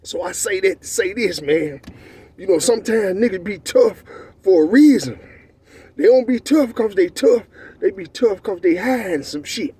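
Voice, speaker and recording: A Texan man with a high, husky voice tells a story in loose, animated street slang. His tone is mellow rather than sharp, and he keeps checking in with his listener. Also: normal speed. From Texas. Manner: animated, profane street slang, repeats "you know what I'm saying". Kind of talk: casual storytelling.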